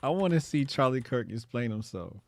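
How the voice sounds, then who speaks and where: A man's voice: medium pitch, lively intonation, brisk, gravelly, darkish tone, no room sound. A man streaming casual reaction commentary who laughs often, speaks bluntly and profanely, and talks to his chat.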